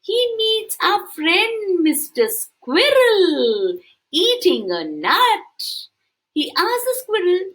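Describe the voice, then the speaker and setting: A woman's voice: extremely high pitch, drawn-out words, poor audio. A woman preschool teacher reading a picture book aloud to young children, often asking them questions. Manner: animated, asks the children questions.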